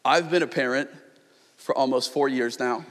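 A man in his thirties preaching a sermon in a large church, telling stories with animated energy that climbs to near-shouts. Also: mid-range voice, normal speed. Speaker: pastor. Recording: long hall reverb.

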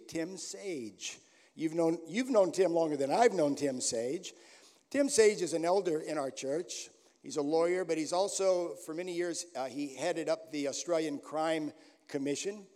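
Preaching as a guest pastor, an older American man speaks in a fairly high, slightly mellow voice. He spins folksy stories with many restarts during the sermon, captured with the echo of a large church hall.

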